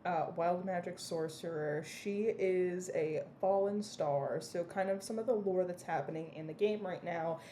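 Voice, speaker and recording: A woman's voice: fairly low pitch, unhurried, hardly any pauses, warm tone, a little hiss or hum. A woman co-hosting a tabletop gaming podcast, chatting casually and encouraging her friend. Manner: encouraging, supportive backchannel. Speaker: podcast co-host. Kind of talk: casual chat.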